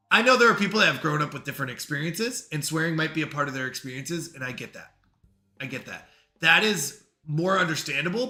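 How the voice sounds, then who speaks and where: Male streamer, casual chatter, high bright animated voice, echoey room. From New York. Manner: animated, acts out quoted people. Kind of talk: casual chat with live chat.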